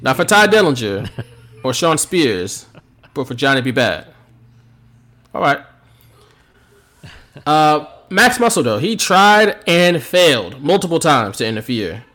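A man co-hosting a podcast, recapping a wrestling event in an animated storytelling way with frequent laughs. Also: fairly high pitch, a little slow, pauses often. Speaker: podcast co-host.

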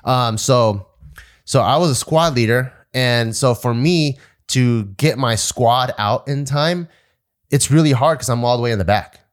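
A man's voice: medium pitch, measured pace. A young man telling a story in casual conversation, swearing freely and acting out the voices of the people he quotes. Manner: profane, animated, acts out quoted voices. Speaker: podcast guest.

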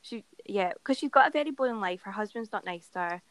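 A woman's voice: mid-range voice, expressive, fast talker, fairly bright tone, no echo, rough recording. A woman co-hosting a podcast, chatting casually and playfully about a book, laughing often. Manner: giggly, playful. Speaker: podcast co-host.

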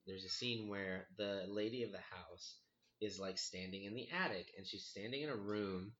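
A man's voice: fairly low pitch, moderate pace, a bit bright, dull audio. A young man casually telling a friend a scary story from his past, swearing freely and acting out his own reactions.

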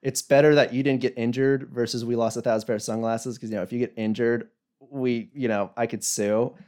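A man's voice: medium pitch, fairly even intonation, a little fast, a little mellow. Rambling young man telling a story. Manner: rambling retelling, heavy with "like" and "you know". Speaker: storyteller in a chat. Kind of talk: casual chat.

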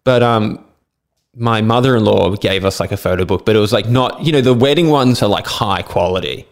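A man co-hosting a podcast who chats in a relaxed way, laughs easily and leans on "like" as he talks. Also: lowish voice, brisk. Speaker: podcast co-host. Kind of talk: casual podcast chat.

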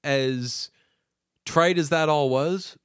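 A man's voice: fairly high pitch, slow, a bit bright, clean tone, no room sound. Joking chatty man, dry sound. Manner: chatty, joking, reads quotes aloud. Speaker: podcast co-host. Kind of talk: casual chat.

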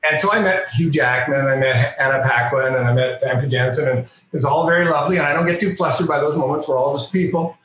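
A man tells a story with lively, self-mocking energy, his voice sitting a bit higher than most. He is recorded in a strongly echoing room, and a faint hiss runs underneath. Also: quick pace, hardly any pauses. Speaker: guest, comic book and storyboard artist. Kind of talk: animated anecdotal storytelling.

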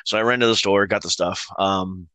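A man in his thirties co-hosting a casual chat show, telling a family story in a relaxed, rambling way with fillers and laughs. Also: sits low, fairly quick, dry recording. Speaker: co-host.

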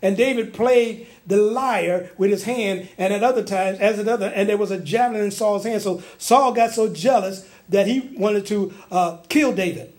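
A male preacher teaching a sermon in an animated way, sometimes acting out the people he quotes. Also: sits high, moderate pace.

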